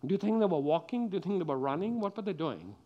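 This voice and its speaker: A man's voice: high voice, expressive, quick pace, lo-fi sound. A middle-aged man giving a children's sermon, telling the story with animation and asking the children questions. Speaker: preacher.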